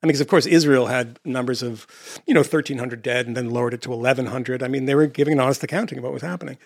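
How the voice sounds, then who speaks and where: A man hosting a casual interview, talking in an animated, emphatic way with quick asides. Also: medium pitch, vocal fry, no echo, clean studio sound.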